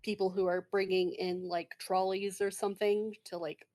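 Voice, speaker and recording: A woman's voice: medium pitch, level tone, normal speed, darkish tone. A woman narrating as game master of a tabletop game, hesitant and full of fillers.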